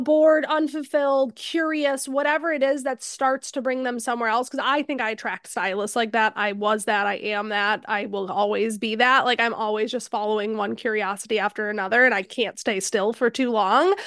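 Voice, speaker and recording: Upbeat high-voiced woman podcast host. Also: a bit bright, clear, resonant tone, no echo, clean studio sound. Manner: effusive and encouraging, heavy use of "like". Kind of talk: conversational podcast interview.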